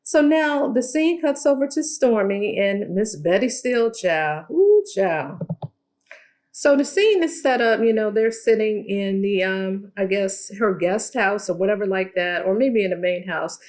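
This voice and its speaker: A sassy young woman gives a casual, animated recap of a TV episode. She calls her listeners "child" and "y'all". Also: mid-range voice, a little slow. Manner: sassy, animated storytelling with playful quoted voices. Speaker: TV recap vlogger.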